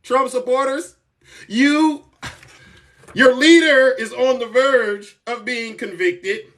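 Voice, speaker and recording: Male streamer host, showy and boastful, high bright voice, sits a bit back from the mic. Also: takes it slowly, distant mic. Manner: boastful, theatrical, rising to shouts. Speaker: political commentary streamer. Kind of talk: live-stream political commentary.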